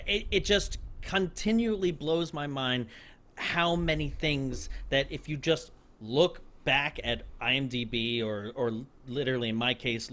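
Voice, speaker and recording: A man's voice: mid-range voice, sharp tone. A man appearing as a podcast guest in casual chat, enthusiastic and playful.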